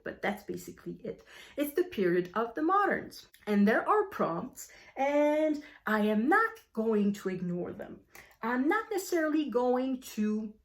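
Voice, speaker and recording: A woman with a French accent chatting casually about her reading plans, a little out of breath, often correcting herself and filling pauses with ums. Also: on the high side. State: slightly out of breath. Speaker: book vlogger. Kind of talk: casual book chat to camera.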